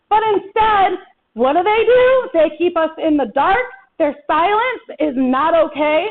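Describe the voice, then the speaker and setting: An impassioned woman organizer speaks to a town hall crowd in a very high voice, folksy and rousing. The sound is thin and tinny, like it came through a phone line. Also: animated, unhurried. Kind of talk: rally speech. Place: town hall meeting room.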